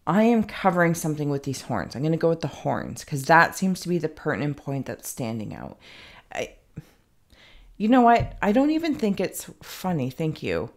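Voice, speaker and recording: A woman's voice: sits low, big pitch swings, normal speed. A woman giving a casual psychic reading, rambling and thinking aloud with many fillers and some self-mocking asides. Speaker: psychic reader. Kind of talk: casual spoken intuitive reading.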